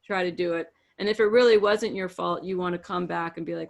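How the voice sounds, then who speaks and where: A woman's voice: fairly low pitch, fairly even intonation, fairly quick, creaky. A woman co-hosts a podcast, talking through advice in a direct, emphatic way. She often slips into the lines she suggests people say, then comes back to her own voice. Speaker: podcast co-host, relationship coach. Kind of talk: casual advice chat.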